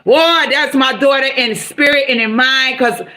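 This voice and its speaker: Middle-aged woman, motivational streamer; high, bright voice; folksy, animated and preachy. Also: measured pace. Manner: preachy, animated, bursts into exclamations; folksy, calls viewers baby girl and honey. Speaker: live streamer. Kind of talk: motivational live stream talk.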